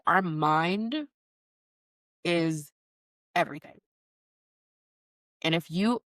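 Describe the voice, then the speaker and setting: A woman's voice: on the low side, fairly bright tone, no echo, rough recording. A woman hosting a casual solo podcast as a career coach, chatty and encouraging with lots of "like" and "okay.".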